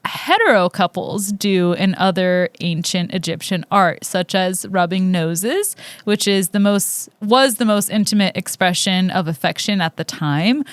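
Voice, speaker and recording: A woman's voice: lowish voice, no echo. A woman co-hosting a podcast, telling history in a casual comedic chat and laughing often. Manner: giggly, laughs often while telling facts. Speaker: podcast co-host.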